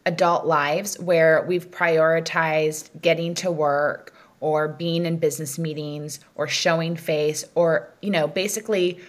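Measured woman podcast host. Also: low-pitched, steady tone. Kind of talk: interview questions and reflections.

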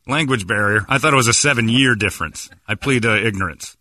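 A man's voice: mid-range voice, moderate pace, pushed and bright. A man hosting a sports radio show, rambling and teasing his co-hosts in joking studio banter.

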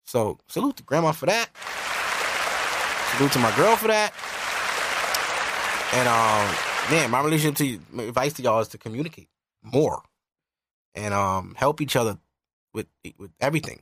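A man's voice: medium pitch, expressive, moderate pace, pauses often, a bit bright, a faint crowd. Candid, profane young man on a podcast. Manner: candid and profane, earnest advice. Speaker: podcast host. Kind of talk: casual podcast monologue.

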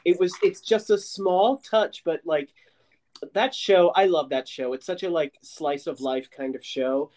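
A woman's voice: on the low side, measured pace, darkish tone. A woman co-host chatting casually, effusive and rambling with many fillers. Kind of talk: casual chat.

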